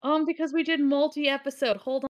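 Slightly high-voiced woman co-hosting a podcast. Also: fairly even intonation. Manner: organizing, quick asides, scattered. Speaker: podcast co-host and editor. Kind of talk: casual chat. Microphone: own mic on a remote call.

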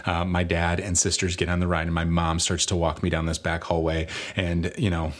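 A man preaching a sermon, telling a personal story in a lively way and joking about himself. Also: sits low, brisk. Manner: animated storytelling, self-mocking humor. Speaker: pastor.

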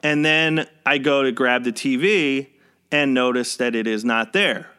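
A man's voice: medium pitch, unhurried, pushed and bright, smooth. A young man hosting a podcast, casually telling a personal work story in a wry, conversational way and chuckling as he goes. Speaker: podcast host.

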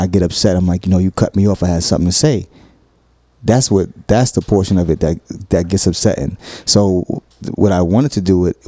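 A man's voice: sits low, dark tone, no room sound, studio quality. A man talking casually about relationships and explaining his view earnestly and at length. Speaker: podcast co-host.

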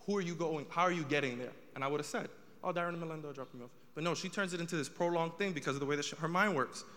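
A man's voice: on the high side, rapid-fire, pushed and bright, long reverb tail. A young man doing a stand-up comedy set, telling a story with rising exasperation.

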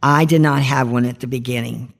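A woman's voice: very deep voice, fairly even intonation, fairly quick, gravelly. A woman hosting a marriage ministry podcast, giving heartfelt devotional teaching in an earnest, pleading way.

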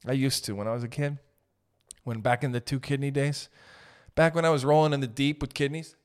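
A young man doing a casual comedic monologue, rambling and joking with swerving pitch and pace. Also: fairly even intonation, brisk, darkish tone, clear, resonant tone. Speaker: comedian host.

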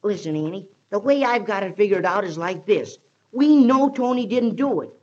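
A woman's voice: medium pitch, animated, normal speed, natural voice. A performer in a 1930s radio drama playing Joe, an eager, earnest boy who talks in a folksy way with frequent "shucks". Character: eager earnest boy, Annie's loyal pal. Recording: dull lo-fi 1930s radio recording.

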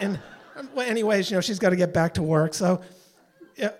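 A man in his sixties telling a story live on stage, exasperated and animated, acting out the people he quotes. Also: high-pitched, brisk, pauses often. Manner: exasperated, animated, mimics voices.

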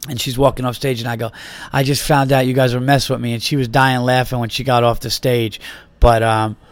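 Animated man telling a story, dry sound. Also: mid-range voice, fairly quick, no room sound. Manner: animated retelling, acts out quotes, swears freely. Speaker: podcast host. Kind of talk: casual storytelling.

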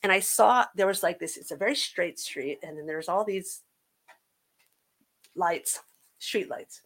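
Gravelly-voiced woman telling her story. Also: lowish voice, a bit bright. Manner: halting, earnest, many restarts and fillers. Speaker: podcast guest. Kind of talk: personal recovery story told in conversation.

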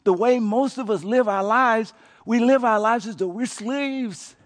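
A male pastor preaching a sermon with call-and-response, building up to shouting. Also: very high voice, unhurried. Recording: long reverb of a large hall.

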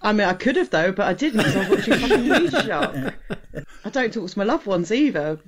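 A woman's voice: mid-range voice, big pitch swings, a little fast, breathy edge. A woman co-hosting a casual film-review podcast, sarcastic and swearing, acting out mocking quotes. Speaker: podcast co-host.

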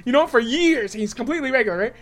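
A woman's voice: a little high, expressive, rapid-fire. A young woman in casual chat with friends, rambling through a story, laughing often and checking in with "right?". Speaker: group chat participant posing a hypothetical.

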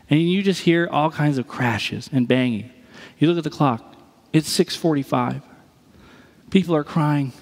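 A man preaching a sermon as pastor, expressive and acting out everyday scenes. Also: sits high, big-room sound. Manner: expressive, acts out everyday scenes in different voices.

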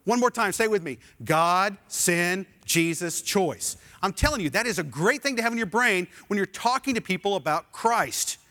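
A middle-aged male pastor preaching a sermon, animated and leading the congregation in call-and-response. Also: high voice, moderate pace, few pauses.

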